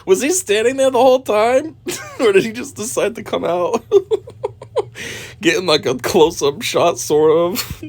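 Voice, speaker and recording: A man's voice: sits high, normal speed. A man hosting a reaction video, giving casual, profane, mocking commentary and laughing often.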